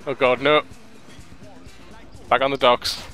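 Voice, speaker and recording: A man sits beside a gamer and comments in a dry, teasing way. His voice is bright and clear. Faint game music plays behind him. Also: mid-range voice, level tone, slow. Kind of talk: casual let's-play chat.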